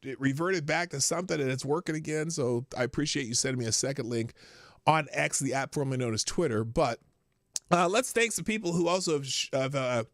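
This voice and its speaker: A man's voice: mid-range voice, fairly quick, fairly bright tone, no room sound, studio quality. A middle-aged man with a lingering cough, rambling casually as he hosts a livestream and greets viewers in chat. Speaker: livestream host.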